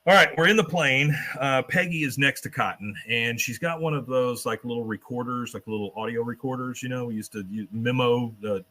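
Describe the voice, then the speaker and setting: A man hosting a podcast, casually retelling a cartoon episode scene by scene, swearing and dropping into quick character voices. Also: medium pitch, pushed and bright. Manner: swears casually and laughs while telling. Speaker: podcast host recapping an episode. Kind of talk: casual chat.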